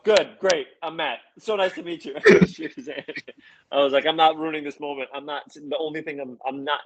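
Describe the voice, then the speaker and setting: A man guest chatting casually, animated and enthusiastic, laughing often. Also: mid-range voice, dull audio. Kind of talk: casual chat.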